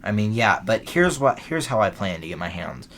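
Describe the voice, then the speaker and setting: Deep-voiced Minnesota man, dry teasing co-host, slight hiss on the track. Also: very animated, moderate pace, fairly bright tone. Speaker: podcast co-host. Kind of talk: casual chat. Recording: faint background hiss.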